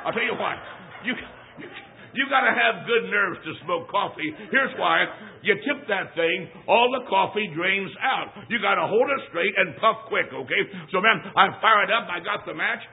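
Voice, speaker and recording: A man preaching a sermon as a traveling evangelist, telling a funny boyhood story in a folksy, emphatic way with punchy repetition. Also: high-pitched. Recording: thin phone-like sound.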